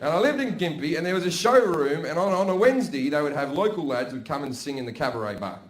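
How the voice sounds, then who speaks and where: A woman's voice: deep voice, expressive, fast. A man playing a grandmother in her eighties who fondly recalls a romance from her youth, in a raised, sweetly reminiscing voice. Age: 80s. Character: old grandmother, wistful, telling a saucy memory. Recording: echoey live comedy venue.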